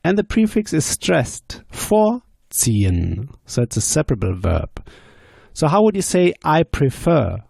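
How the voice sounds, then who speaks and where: A man teaching German grammar on a podcast, slowly explaining and asking quiz questions. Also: on the high side, huge pitch swings, gravelly, a little mellow, no room sound, studio quality. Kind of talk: podcast language lesson.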